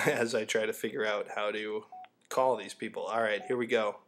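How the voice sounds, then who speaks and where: Deadpan young man giving mock advice. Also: fairly low pitch, moderate pace. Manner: deadpan, casual and jokey. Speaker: comedic video host. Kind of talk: mock instructional comedy.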